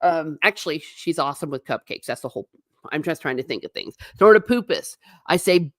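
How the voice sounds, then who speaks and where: A woman hosting a casual livestream, rambling in an animated way and talking straight to her viewers in chat. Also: lowish voice, normal speed, dry recording, clean studio sound. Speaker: livestream host.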